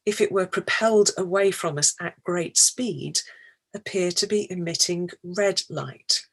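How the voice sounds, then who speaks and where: A woman giving a public science lecture, explaining each point in a measured, deliberate way. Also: on the low side, a bit bright, breathy edge.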